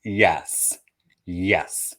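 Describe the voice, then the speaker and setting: A man, a comedian guest on a podcast, telling a story in an animated way that builds to loud bursts. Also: low voice, extremely slow.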